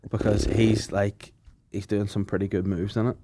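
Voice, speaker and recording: A man's voice: on the low side, flat delivery, normal speed, noisy background. Brief: man, podcast co-host, blunt sweary banter with frequent laughs. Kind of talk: casual banter.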